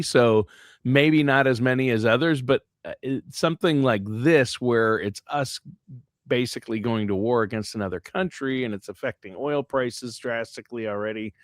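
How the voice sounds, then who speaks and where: A man's voice: medium pitch, dry recording, studio quality. Easygoing man on a video call. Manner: easygoing, hesitant with fillers. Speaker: podcast co-host. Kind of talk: casual podcast chat.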